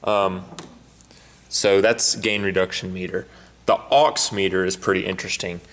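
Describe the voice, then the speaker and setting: A man walking through a sound mixing desk step by step, in a halting way with many fillers and restarts. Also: low-pitched, fairly even intonation, a bit bright, in a large hall. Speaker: sound technician. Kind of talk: instructional walkthrough. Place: church sound booth.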